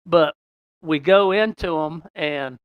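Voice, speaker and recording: A man telling a long fishing story in a casual, folksy way, rambling with many "and, uh" pauses. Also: fairly high pitch, clear, resonant tone, no room sound, phone-quality sound. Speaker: podcast guest telling a story.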